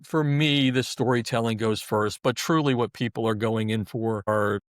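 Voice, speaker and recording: Speaking at normal speed with fairly even intonation, this middle-aged guest, a sports website editor, keeps the interview folksy and talkative. He repeatedly restarts his sentences, and his medium-pitched voice comes through clean studio audio with no echo.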